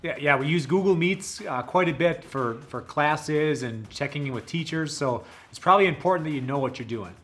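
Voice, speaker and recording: A man's voice: a little high, moderate pace, hardly any pauses. Patient, coaxing man on a call. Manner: patient, coaxing, gently exasperated. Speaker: teacher talking to a puppet student. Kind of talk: comic scripted video call skit.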